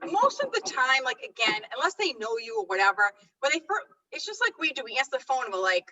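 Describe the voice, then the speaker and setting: A woman leading a live real estate training session, chatty and animated, often stopping herself mid-thought. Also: high-pitched, quick pace, hardly any pauses, far from the mic, rough recording. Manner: chatty, animated, self-interrupting.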